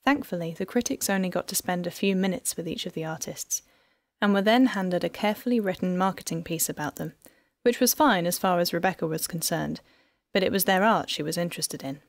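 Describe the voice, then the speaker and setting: An audiobook is narrated by a woman with a voice on the low side, whose scripted storytelling stays even and measured. The studio sound is clean, with no room sound at all.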